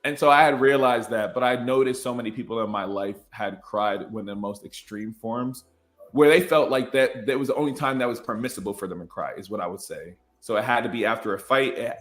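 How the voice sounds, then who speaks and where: A man's voice: on the low side, a little fast, fairly bright tone. Earnest young man, reflective and open. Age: 20s. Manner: earnest, reflective, laughs easily. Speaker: educator, podcast guest. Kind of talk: casual conversation.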